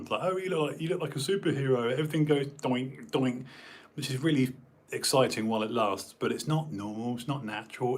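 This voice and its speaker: A man and former bodybuilder, chatting casually in a rambling way, full of fillers and restarts. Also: medium pitch. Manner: meandering, many fillers and restarts. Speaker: former competitive bodybuilder hosting a stream.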